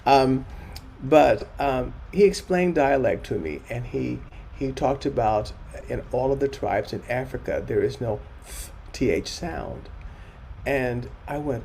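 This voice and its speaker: An older man tells stories from his life in a gravelly, creaky voice, reflective and unhurried, often restarting a thought. He slips into the voices of the people he quotes, with faint noise in the room behind him. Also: mid-range voice, big pitch swings, warm tone. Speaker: choral conductor speaking at a forum. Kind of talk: anecdotal storytelling talk.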